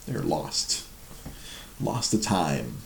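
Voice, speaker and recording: A man's voice: low voice, very animated, very slow, gravelly, roomy sound, slight background noise. A man in his forties chatting casually at home at night, laughing a lot and mocking himself. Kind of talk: casual chat.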